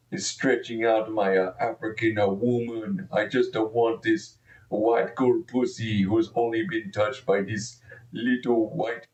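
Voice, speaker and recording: A man's voice: fairly low pitch, darkish tone, roomy sound, recorded from a distance, lo-fi sound. A man live-streaming and commenting casually, profane and rambling, easily exasperated.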